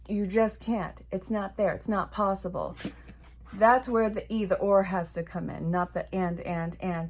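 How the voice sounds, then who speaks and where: A woman's voice: mid-range voice, a little mellow, slight background noise. A woman reading tarot cards for her viewers as a life coach, chatty and encouraging, repeating her points with emphasis. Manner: chatty, talks to the viewer and to spirit while drawing cards. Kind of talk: casual tarot reading to camera.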